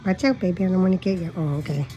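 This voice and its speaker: A woman's voice: fairly low pitch, racing, dull audio, loud music behind the voice. A woman at home talking baby talk to her cats, cooing in a sing-song voice full of pet names. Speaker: cat owner filming her pets. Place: home indoors.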